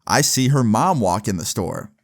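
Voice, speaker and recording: A man's voice: on the low side, lively intonation, moderate pace. A young man casually telling a personal story, swearing freely and filling with "like" and "you know". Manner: casual, profane, lots of fillers.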